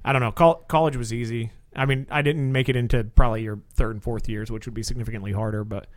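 A man who works as a police officer tells stories in relaxed conversation, talking quickly and acting out the people in them. His voice sits at an average pitch. The sound is dry and close to the mic. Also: no room sound. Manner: animated storyteller acting out quotes. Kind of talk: casual storytelling chat.

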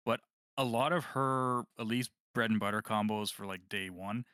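Man with a bright, clear, dry voice. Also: lowish voice, normal speed, no room sound. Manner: rambling, relaxed, lots of fillers and restarts. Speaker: podcast co-host. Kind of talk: casual chat about video games.

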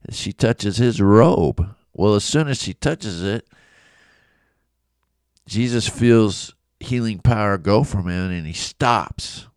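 Here a Bible teacher with a low, darkish, clean-toned voice talks through a lesson casually, performing the quoted lines of the people involved. The studio sound is clean, with no room sound.

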